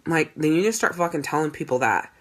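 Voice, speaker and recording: A woman in her thirties, a coach talking in a casual monologue, blunt and emphatic, with lots of swearing and animated storytelling. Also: deep voice, fast. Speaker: life and sales coach.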